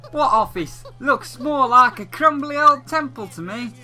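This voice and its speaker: A man voicing a sassy female bat sidekick in a high, loud, mocking voice. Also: expressive, unhurried, soft background music, full character voice. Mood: cheeky.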